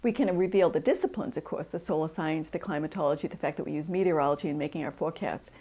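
A woman from the almanac staff, explaining its history in a measured documentary interview. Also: low voice, dark tone, breathy edge.

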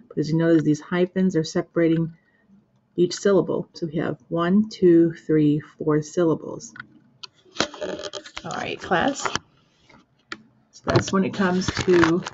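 A woman teaching a pronunciation lesson to an imagined class, pausing for their answers and using plenty of fillers like "uh" and "um". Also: fairly low pitch, darkish tone, a little hiss or hum. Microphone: screen recorder with built-in microphone. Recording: dull lo-fi screen recording.

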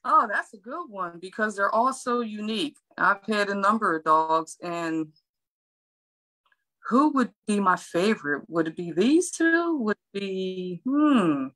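A woman guest talks easily about her life with dogs in a casual interview. Her voice is bright and crisp, and she tells her stories in a friendly, chatty way. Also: medium pitch, animated, unhurried, poor audio. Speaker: dog trainer and groomer, guest.

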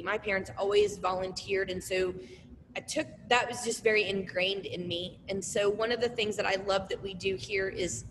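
A middle-aged woman who owns a small business, telling stories in a casual, animated interview and acting out the voices of people she quotes. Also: mid-range voice, long reverb tail, slight background noise. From Oklahoma. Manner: animated, acts out quoted voices, tearful at times.

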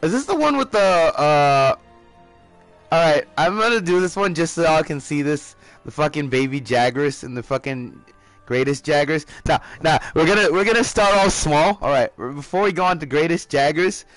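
A man's voice: on the high side, moderate pace, no echo. A man streaming a monster hunting game live, chatting casually with a friend, cursing a lot and laughing, with faint music behind. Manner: profane, excitable, laughs often. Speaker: gaming streamer. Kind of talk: casual live gameplay chat.

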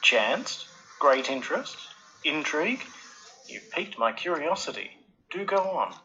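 A man voicing a cheerful, curious gentleman mathematician in a storybook, formal and inquisitive in manner. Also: medium pitch, lively intonation, normal speed, muffled recording.

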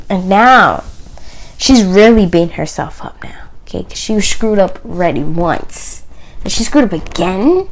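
A woman's voice: mid-range voice, expressive, normal speed. A woman talking openly to camera about her faith, with emphatic phrasing that keeps dropping to a near whisper. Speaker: video host. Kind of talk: personal faith talk to camera.

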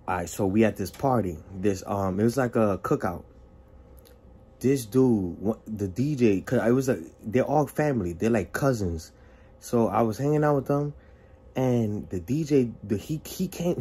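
A young man casually telling a personal story as testimony, acting out the dialogue with lively exclamations. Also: mid-range voice, moderate pace, slightly rough. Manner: animated, acts out dialogue with exclamations.

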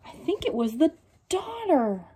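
A young woman reading a picture book aloud to children, in an animated storytelling manner and asking her young listeners questions. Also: high-pitched, measured pace, a little hiss or hum.

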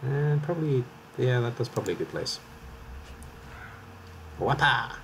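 A man's voice: medium pitch, animated, fast talker, a little mellow, slight background noise, rough recording. A man from Wales with a slight Welsh accent, commentating live on his game in a chatty, rambling way and often correcting himself. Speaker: streamer.

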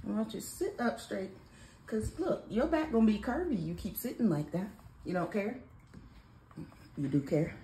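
A woman's voice: medium pitch, lively intonation, normal speed, long pauses, warm tone. A woman and mother chatting casually and teasingly with her son at home in the morning, recorded on a phone. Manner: playful, teasing, sing-song. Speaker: mother and vlog host. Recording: echoey room, faint background noise.

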